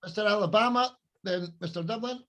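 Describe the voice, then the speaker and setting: A man's voice: high-pitched, brisk, bright, forceful tone. A man hosting a music podcast, chatty and effusive as he introduces guests. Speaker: podcast host. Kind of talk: casual podcast chat.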